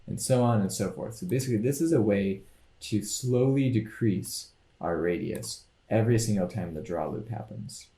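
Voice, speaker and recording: Low, mellow-voiced male coding instructor. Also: roomy sound. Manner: relaxed, explanatory, thinking aloud with fillers. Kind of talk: screen-recorded coding lecture.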